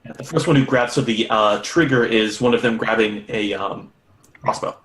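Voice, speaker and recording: Casual profane game master, echoey room. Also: male voice, on the low side, normal speed, fairly bright tone, slight background noise. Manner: casual, profane, laughing narration. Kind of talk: narrating a tabletop game.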